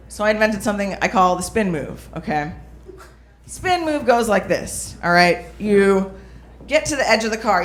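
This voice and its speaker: A woman's voice: mid-range voice, a bit bright, a little hiss or hum. A young woman doing a stand-up comedy set, telling stories brashly and checking in with the crowd. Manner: brash storytelling with crowd asides. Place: small comedy club stage. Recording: roomy club with audience laughter.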